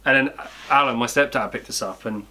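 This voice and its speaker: A young man talks casually beside his partner, his voice bright with a mid pitch. His humour is dry and self-deprecating. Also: fairly quick. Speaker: vlogger's partner. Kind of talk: casual chat.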